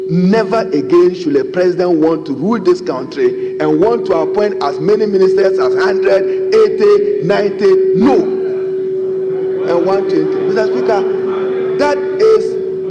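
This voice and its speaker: A middle-aged man with a Ghanaian accent and a high-pitched voice gives a formal, emphatic speech during a parliamentary debate, repeatedly addressing the Speaker. He is a member of parliament in a large chamber. The audio is dull, with long chamber reverb and faint background noise.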